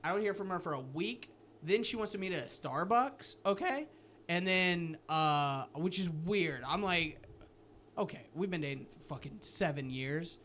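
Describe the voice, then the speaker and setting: A man co-hosting a comedy podcast, telling an animated story full of deadpan dark jokes in casual chat. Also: sits high, normal speed, a little hiss or hum.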